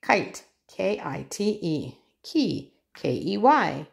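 A woman's voice: fairly low pitch, sing-song, slow pace, vocal fry. A mother patiently reading an alphabet workbook aloud with her child, spelling words letter by letter and echoing the child's prompts.

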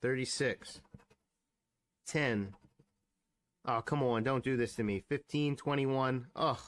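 Man, excitable, casual scratch-off commentary, counts numbers aloud, mid-pitched voice. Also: takes it slowly. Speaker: lottery scratch-off channel host.

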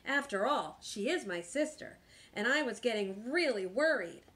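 A woman teacher reading a picture book aloud in a slow, expressive storytime manner. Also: fairly high pitch.

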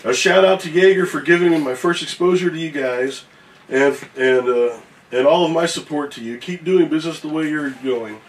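A man's voice: on the high side, normal speed, distant mic, low-quality recording. A man on a casual morning show reading a viewer's email aloud, cursing and joking as he stumbles through it. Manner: profane, joking, reads with stumbles.

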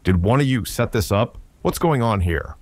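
A man's voice: fairly low pitch, animated, moderate pace, no room sound, voice pushed up. A man voicing a confused male alien army commander who asks hesitant questions. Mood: baffled.

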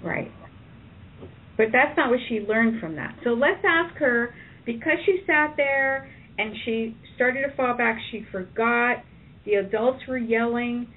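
A woman practitioner calmly guiding a client through a tapping session, giving phrases to repeat. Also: on the high side, a little slow. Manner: calm, directive, leads phrases to repeat. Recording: tinny phone line from a distance.

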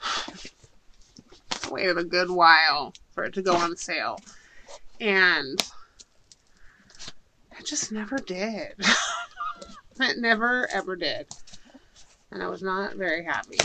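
A woman's voice: lowish voice, slow pace, pauses often. A middle-aged woman chatting casually to viewers while unboxing a haul, with giggles along the way. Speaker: haul vlogger. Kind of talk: casual haul video chat. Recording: audible background noise.

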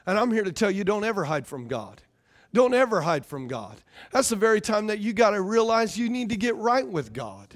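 This pastor talks fairly fast in a high, light voice as he preaches. His style is relaxed yet animated, with frequent repetition of key phrases for emphasis.

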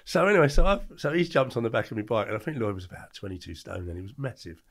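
Gravelly, fast-talking middle-aged man; animated storyteller guest. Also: mid-range voice. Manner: animated anecdotes with acted-out quotes. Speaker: podcast guest. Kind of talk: casual storytelling.

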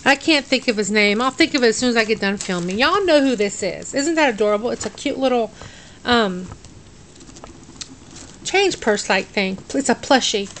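A middle-aged woman talks through an unboxing in a dim room at home, her voice sitting a little high. She sounds drowsy and sluggish, stumbling over her words now and then, and a faint hiss runs under the recording. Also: lively intonation, moderate pace, fairly bright tone, poor audio. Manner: drowsy, sluggish and tongue-tied. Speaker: vlogger unboxing a craft package. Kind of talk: casual unboxing chat.

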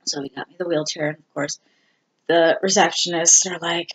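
A vlogger giving a candid personal update, talking slowly and haltingly with many ums and restarts. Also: medium pitch, fairly even intonation, fairly bright tone, breathy edge. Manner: candid and self-deprecating. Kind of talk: casual personal health update.

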